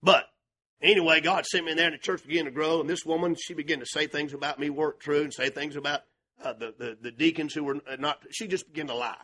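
An older male pastor preaching with passion, swinging between shouted and hushed delivery. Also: fairly high pitch, fairly even intonation, quick pace. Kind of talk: sermon.

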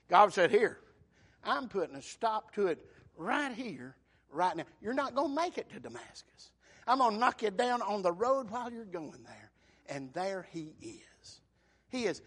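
A man preaching a sermon, acting out the voices he quotes and swinging from loud to hushed. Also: high-pitched.

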